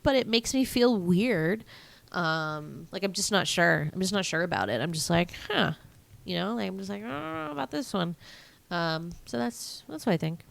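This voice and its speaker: A woman's voice: lowish voice, creaky. A woman co-hosting a podcast in casual film-review chat, hesitant and searching for her words. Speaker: podcast co-host.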